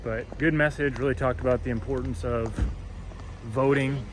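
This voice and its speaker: A man's voice: medium pitch, fairly even intonation, moderate pace. A young man talking casually to his phone camera for a vlog, rambling and correcting himself as he goes. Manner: rambling, chatty, self-correcting. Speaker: vlogger. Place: in a car. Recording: noisy car interior. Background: car and road noise.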